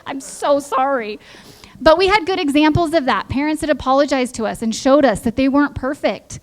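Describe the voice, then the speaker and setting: Middle-aged female church speaker, conversational sermon delivery, animated storyteller who voices quotes. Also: high-pitched, quick pace.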